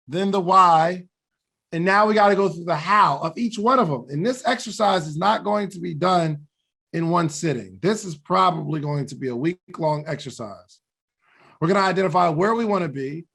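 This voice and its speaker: A man's voice: sits high, creaky, a bit bright. A man co-hosting a podcast, talking through goals in an earnest, reflective way and laughing at himself now and then. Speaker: podcast co-host. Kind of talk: motivational talk.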